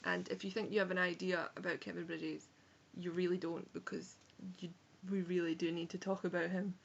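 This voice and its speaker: A young woman with an Edinburgh Scottish accent delivers a frank, casual book review vlog from home on a rainy day, swearing and correcting herself. Her voice is on the low side and creaky, brisk with a level tone. The sound is lo-fi with slight background noise.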